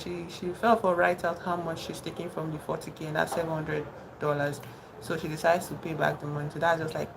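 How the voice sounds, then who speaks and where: Woman vlogger, low gravelly voice, loose rambling storyteller, chatty while doing makeup. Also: slight background noise, low-quality recording. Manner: chatty, rambling, peppered with "you know" and "like". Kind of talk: casual storytelling chat.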